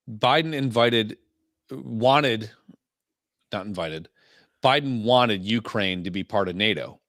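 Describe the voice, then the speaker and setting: A man's voice: medium pitch, a bit bright, dry recording, studio quality. A man co-hosting a casual podcast, blunt and crude, giving strong opinions. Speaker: podcast co-host.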